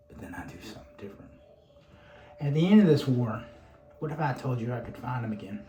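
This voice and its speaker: A man's voice: mid-range voice, animated, brisk, pauses often, warm tone. A man rambling through a casual monologue, swearing freely and sighing between thoughts. His voice sits in the middle of the male range. The room is roomy and echoey, with a faint hum of ambience behind him. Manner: profane, rambling, frequent sighs and restarts.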